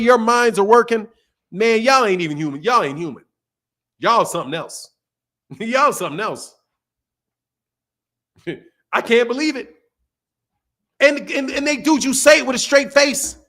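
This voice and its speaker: A young adult man hosting a boxing livestream, ranting emphatically and profanely, repeating himself and swinging between loud outbursts and quiet mutters. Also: sits high. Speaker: boxing channel host. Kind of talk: heated livestream rant.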